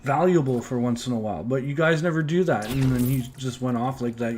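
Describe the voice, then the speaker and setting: A man's voice: mid-range voice, quick pace, hardly any pauses, slight background noise. A Canadian man casually telling a work story, rambling and swearing as he retells what people said. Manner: rambling, profane, animated retelling with quoted voices. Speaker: podcast host.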